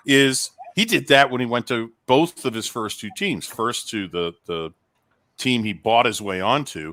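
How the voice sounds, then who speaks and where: A man's voice: lowish voice, a bit bright, no echo. A man talking in a casual chat as a podcast co-host, telling stories in a rambling way with many restarts.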